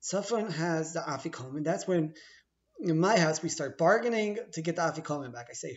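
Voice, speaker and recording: A man's voice: on the high side, expressive, quick pace, highs cut off. Chatty man with a playful, casual manner. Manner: chatty, playful, stops to rephrase often. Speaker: teacher. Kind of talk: casual explanatory video.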